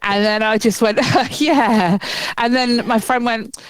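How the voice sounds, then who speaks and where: A woman's voice: a little high, measured pace, clear, resonant tone, no room sound. A woman co-hosting a podcast, telling stories in casual chat with lots of giggling. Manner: giggly, animated storytelling. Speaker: podcast co-host.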